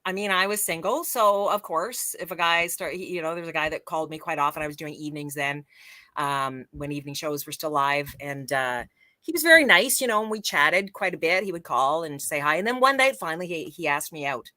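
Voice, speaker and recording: A woman radio host talks casually, starting and restarting her thoughts. Her tone is bright and forceful. The sound is dry and close, with no room echo. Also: sits low, animated, a little fast. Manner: hesitant, with many fillers and restarts. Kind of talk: casual chat.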